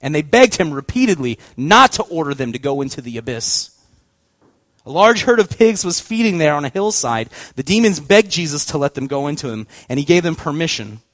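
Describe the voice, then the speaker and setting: Lively high-voiced man preaching. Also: a little fast, dry recording. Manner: animated, acts out voices, laughs often. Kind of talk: storytelling sermon.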